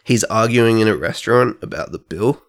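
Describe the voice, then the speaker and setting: A young man co-hosting a podcast, talking casually and thinking aloud with pauses. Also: lowish voice. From Australia. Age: young adult. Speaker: podcast co-host. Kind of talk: casual chat.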